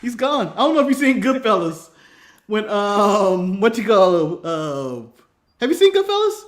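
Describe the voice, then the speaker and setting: An American man co-hosting a casual podcast, excitable and profane, laughing often and acting out quotes. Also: high voice, moderate pace. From United States. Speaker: podcast co-host. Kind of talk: casual wrestling podcast chat.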